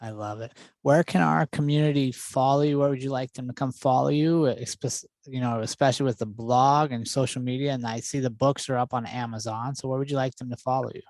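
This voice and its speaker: A man hosting a podcast who keeps his questions upbeat and encouraging. He speaks in a mid-pitched voice. The sound is dry, with no room echo. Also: steady tone, fairly quick, hardly any pauses, a little mellow. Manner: upbeat, affirming interviewer. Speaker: podcast host. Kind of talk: conversational interview.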